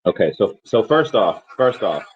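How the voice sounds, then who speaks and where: A man with a hoarse, worn-out voice, chatting casually and rambling with many restarts and fillers as a crypto vlogger. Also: fairly low pitch, big pitch swings, normal speed, muffled recording. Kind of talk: casual chat.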